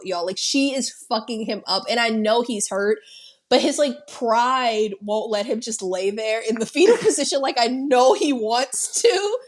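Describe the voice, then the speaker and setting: A woman co-hosting a podcast, retelling a film scene in an animated, profane way. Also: mid-range voice. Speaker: podcast co-host. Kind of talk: casual film discussion.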